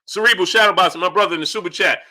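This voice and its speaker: This boxing channel host races along in a high voice, running a live stream from his house. He greets people in the chat and theatrically replays his own shouting at the TV.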